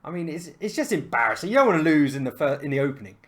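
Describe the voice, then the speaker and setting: A young adult man from the United Kingdom, a chess streamer chatting casually to his viewers in an excitable, self-mocking way. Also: on the high side, rapid-fire. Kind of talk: casual live-stream chat.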